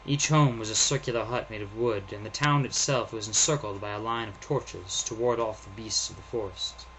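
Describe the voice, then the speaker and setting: Guy reading his own story out loud, calm and measured, kinda subdued. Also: fairly low pitch, poor audio. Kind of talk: first-person story narration.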